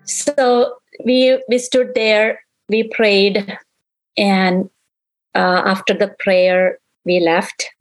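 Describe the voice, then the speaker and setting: A middle-aged woman, a grieving mother, slowly and emotionally recounting events in an interview and quoting what others said to her. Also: medium pitch, flat delivery, faint music behind, rough recording.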